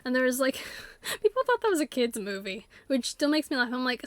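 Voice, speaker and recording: A woman's voice: a little high, big pitch swings, moderate pace, fairly bright tone, no echo. A woman streamer chatting casually while playing, rambling with lots of fillers and breaking into silly voices. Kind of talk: casual chat while live-streaming a game. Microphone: desktop USB mic.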